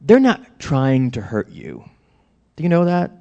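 A man's voice: mid-range voice, a little slow, gravelly, muffled recording. A middle-aged man, a pastor, preaching a sermon and telling stories with acted-out quotes. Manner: animated storytelling with acted-out quotes.

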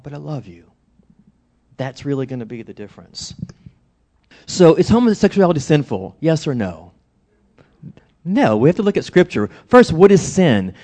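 A middle-aged man, a pastor, preaching a sermon and telling stories with acted-out quotes. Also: a little high. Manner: animated storytelling with acted-out quotes.

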